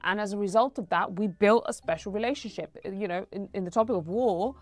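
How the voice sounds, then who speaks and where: Here a doctor in her thirties hosts an educational talk, speaking fairly quickly in a medium pitch. Her explanations are conversational and include stories from her own life. The recording is dry.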